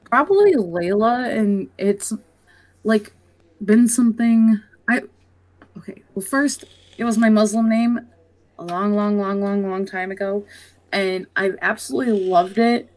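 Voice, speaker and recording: A young adult woman co-hosting a casual podcast, talking haltingly with restarts and easy laughs. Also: medium pitch, darkish tone, rough recording. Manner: halting, restarts mid-sentence, laughs easily. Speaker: podcast co-host. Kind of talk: casual chat.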